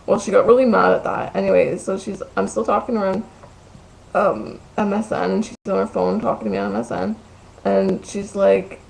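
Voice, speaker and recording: A woman's voice: mid-range voice, expressive, a little fast, creaky, darkish tone, rough recording. A woman vlogging from her bedroom, telling a gossipy, profane story full of "like" in a casual ranting way.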